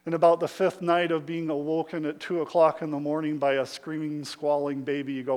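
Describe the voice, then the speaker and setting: A man preaching a sermon, swinging from hushed lines to loud calls for amens and acting out the voices of his listeners. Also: fairly high pitch, flat delivery, fairly quick, few pauses. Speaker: pastor.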